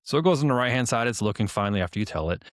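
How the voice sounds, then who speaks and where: A man's voice: mid-range voice, lively intonation, very fast, no echo, clean studio sound. A man co-hosting a podcast, explaining in a casual, storytelling way and acting out both sides of the dialogue. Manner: informal, many "like" fillers and restarts. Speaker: podcast co-host.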